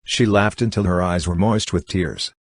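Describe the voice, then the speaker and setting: A man reads a novel aloud at a steady, even pace. His voice is deep and a little husky. The recording is close and dry, with no room sound. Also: normal speed, dry recording. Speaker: audiobook narrator. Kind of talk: scripted narration.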